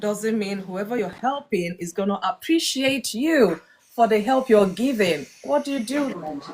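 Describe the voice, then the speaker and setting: A woman's voice: medium pitch, lively intonation, measured pace, darkish tone, husky. Woman host for a casual live stream, friendly chatter, mid-range voice, thanks viewers by name. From Nigeria. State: coughing from kitchen fumes.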